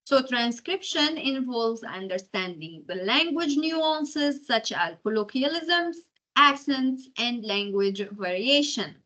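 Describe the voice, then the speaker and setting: Bright-voiced lecturer. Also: female voice, on the high side, lively intonation, slow pace, muffled recording. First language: Arabic. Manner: explanatory, keeps checking in with "okay?". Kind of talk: university lecture.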